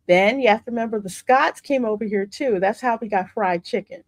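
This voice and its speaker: A woman with a Southern US accent hosting a casual reaction show, sassy and quick to laugh. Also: medium pitch, dry recording. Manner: sassy, animated, laughing often. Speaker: host reacting to videos.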